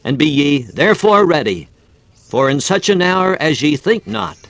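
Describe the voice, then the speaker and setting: A man delivers a fervent sermon in an old-fashioned preaching cadence. His voice sits a little high for a man. The sound is dry and close, with no room echo. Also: sing-song, normal speed, vocal fry, a bit bright.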